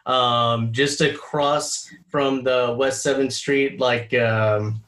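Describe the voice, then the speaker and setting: A man's voice: mid-range voice, fairly even intonation, takes it slowly, a bit bright. A man co-hosting a podcast, chatting casually and enthusiastically, laughing easily, with fillers. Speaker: podcast co-host. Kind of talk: casual chat. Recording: echoey room.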